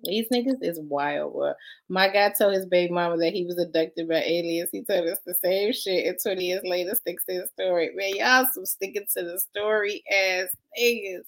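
A woman's voice: lowish voice, normal speed, creaky. A woman in her thirties co-hosting a casual chat, blunt and profane, laughing often. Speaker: podcast co-host. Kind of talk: casual chat, reading listener stories.

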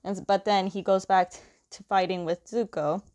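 A woman's voice: medium pitch, fairly even intonation, normal speed, darkish tone. Chatty young woman recapping a story. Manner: chatty, laughs often, lots of "like" fillers. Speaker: comic recap host.

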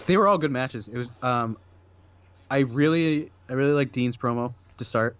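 A man's voice: mid-range voice, measured pace, clear, resonant tone, no echo, muffled recording. A man co-hosting a casual podcast chat, talking loosely with lots of fillers and frequent laughs. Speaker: podcast co-host.

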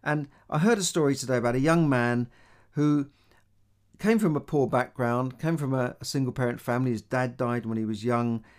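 A middle-aged man with a Cockney accent talks through a casual monologue on money and opportunity. He rambles a little and keeps restarting, with a lot of "you know" along the way. His pitch sits in the ordinary middle range for a man. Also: moderate pace. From London, England. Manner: rambling, conversational, many fillers and restarts. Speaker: money advice host.

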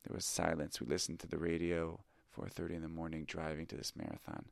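A man's voice: very deep voice, completely flat delivery, fast talker, vocal fry, no echo, clean studio sound. A middle-aged man who teaches improv tells a personal story in a reflective, candid and self-critical way. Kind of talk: confessional storytelling.

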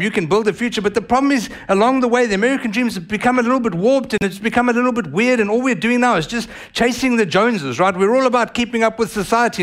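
A man with a South African accent preaching a sermon as pastor, animated and vivid in delivery. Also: high voice. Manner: animated, acts out voices of others.

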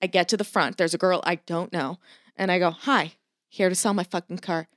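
A woman in casual chat who tells a story in an animated way, swears constantly and acts out the people she quotes. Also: lowish voice, brisk, no room sound, studio quality.

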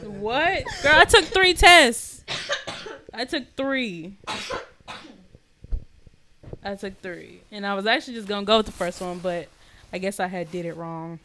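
A young woman telling a story in casual chat, animated and swearing, acting out what people said. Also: mid-range voice, unhurried, pauses often, a little hiss or hum. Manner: animated, swearing, acts out quotes.

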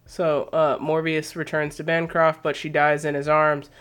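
Woman co-host, profane animated retelling. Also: low voice, normal speed, clean tone. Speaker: podcast co-host. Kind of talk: casual chat.

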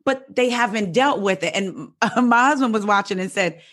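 Mid-pitched married woman, animated storyteller, casual chat. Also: normal speed. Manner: animated storyteller, acts out quotes.

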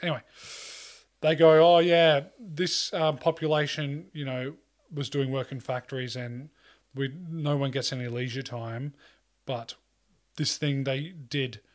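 A man talking casually in a rambling way, full of fillers and swearing, acting out quoted lines. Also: mid-range voice. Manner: acts out quoted lines in a loose voice. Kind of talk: casual chat.

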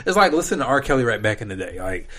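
A man's voice: medium pitch, sing-song, rapid-fire, fairly bright tone. A man co-hosting a podcast in casual chat, blunt and dismissive in his opinions. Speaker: podcast co-host.

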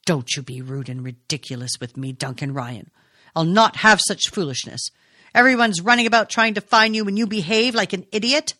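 A prim, stern farm mother with a soft, slow contralto voice, put on by a woman reading aloud. She speaks formally and correctly, and her voice swings from low and measured up to shrill. The recording is dry and close. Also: animated, dry recording. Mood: hysterical anger. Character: stern, proper farm mother, easily upset.

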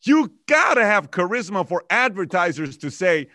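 A man hosting an interview in a casual, animated way, often stumbling and repeating his words. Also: high voice, moderate pace, few pauses, no echo, clean studio sound. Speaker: interview host.

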